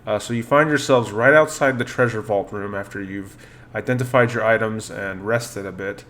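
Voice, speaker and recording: A man's voice: fairly low pitch, a little hiss or hum. A man running a tabletop game as game master, narrating the scene at an easy pace with frequent fillers and restarts. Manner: relaxed, halting narration with many fillers.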